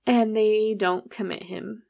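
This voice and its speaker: Woman telling a story with vocal fry. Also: mid-range voice, steady tone, takes it slowly, a little mellow. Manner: chatty, recounts events with frequent "like" and quoted dialogue. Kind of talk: casual true-crime storytelling.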